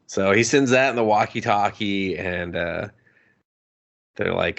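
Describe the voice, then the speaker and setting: A man's voice: on the low side, a little slow, creaky, a bit bright. A young man co-hosting a casual movie review podcast, cursing and joking as he acts out the characters in mock voices. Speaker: podcast co-host.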